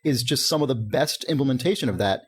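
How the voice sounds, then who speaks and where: A man's voice: medium pitch, animated, quick pace, breathy edge. A man co-hosting a podcast, talking casually and animatedly, swearing freely and laughing often. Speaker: podcast co-host. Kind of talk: casual chat.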